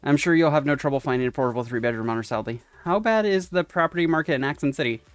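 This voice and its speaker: A man's voice: a little high, animated, rapid-fire, no room sound. Man reading game dialogue aloud, dry mic. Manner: reads game text aloud, chuckles often. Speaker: let's-play streamer. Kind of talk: casual gameplay commentary, reading dialogue aloud. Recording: dry close mic, faint game music.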